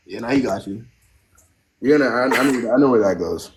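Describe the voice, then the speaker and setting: A man's voice: mid-range voice, animated, fairly quick, noisy background. A man hosting a live stream, giving blunt relationship advice and driving his points home with "right?".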